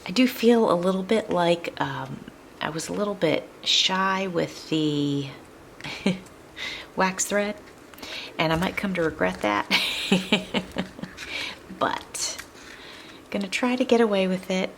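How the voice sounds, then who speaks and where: Low, gravelly-voiced crafting host. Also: female voice, animated, unhurried, long pauses, a little hiss or hum, low-quality recording. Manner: chatty, upbeat, laughs often while working. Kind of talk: casual crafting tutorial chat.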